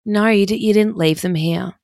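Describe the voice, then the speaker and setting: A chirpy young shop girl, talking in a matter-of-fact, breezy way, as a woman quotes her in a higher voice. The sound is close and dry. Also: normal speed, gravelly, a little mellow, no room sound, natural voice.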